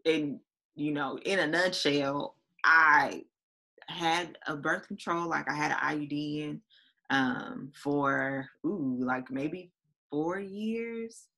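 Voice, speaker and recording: A woman's voice: low-pitched, takes it slowly, bright, forceful tone. A woman in her thirties co-hosting a casual chat video. She talks in a chatty way, with lots of fillers, and acts out what she said to herself. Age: 30s. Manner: chatty, many fillers and quoted self-talk.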